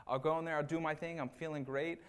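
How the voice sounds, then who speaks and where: Speaking fast at a fairly high pitch over a faint hiss or hum, a man who serves as assistant pastor gives a casual, conversational sermon. He keeps tagging lines with "right?" to check in and acts out the people he describes in animated retellings full of casual asides.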